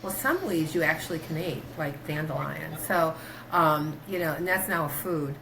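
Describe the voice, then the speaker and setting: A woman doctor talking in a casual interview, rambling through stories with many fillers and restarts, her pitch jumping when she quotes herself. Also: moderate pace, gravelly, background noise. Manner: animated, pitch jumps when quoting herself. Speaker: guest, doctor.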